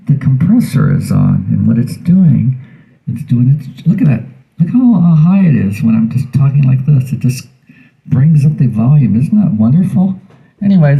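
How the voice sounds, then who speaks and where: A man's voice: medium pitch, creaky, warm tone, poor audio. A man hosting a casual how-to demonstration about audio gear, talking in a folksy, rambling way that repeats words, into a wired handheld mic. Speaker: audio gear tips host. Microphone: wired handheld mic through a mixer.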